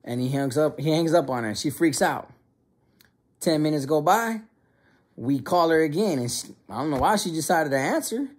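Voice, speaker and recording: A young man telling a funny childhood story in an animated, slangy way. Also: fairly high pitch, moderate pace, husky. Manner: animated, slangy, many restarts. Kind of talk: casual storytelling.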